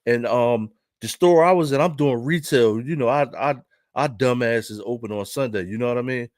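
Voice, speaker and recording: A man's voice: medium pitch, normal speed, a little mellow, no room sound, clean studio sound. Chatty Philadelphia man telling a story. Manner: loose, repetitive, keeps asking "right?". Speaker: vlogger. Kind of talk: casual storytelling commentary.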